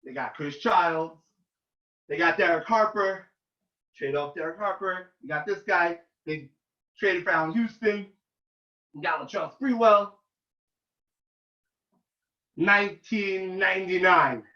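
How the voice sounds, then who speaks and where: A man, a rabbi, giving an animated informal talk to students, getting loud and excited as he tells a story. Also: high voice, measured pace, pauses often. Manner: excitable, shouts and cracks when reliving a game. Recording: roomy, distant, dull lo-fi sound.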